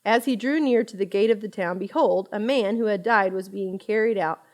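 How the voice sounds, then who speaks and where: A woman in her thirties giving a conversational Bible study talk, chatty and expressive, often laughing as she teaches. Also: mid-range voice, moderate pace.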